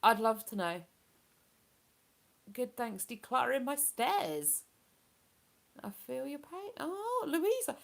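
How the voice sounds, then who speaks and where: A woman's voice: fairly high pitch, big pitch swings, takes it slowly, vocal fry, long pauses. A woman with a chatty, rambling manner, hosting a casual live stream and reading out viewer comments. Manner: chatty, rambling, with many fillers.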